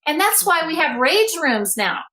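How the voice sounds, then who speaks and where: Bright, emphatic woman coach. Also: high-pitched, big pitch swings, moderate pace. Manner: earnest, advocating, emphatic. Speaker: guest, emotional coach. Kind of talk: podcast conversation.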